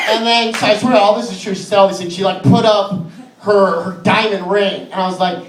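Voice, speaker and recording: High-voiced comedian on a roomy club stage. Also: male voice, fairly even intonation, fairly quick, very noisy. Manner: rambling storytelling with frequent "uh" fillers. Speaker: stand-up comedian. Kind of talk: stand-up comedy set. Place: comedy club stage before a laughing audience. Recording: roomy, distant live club recording with crowd.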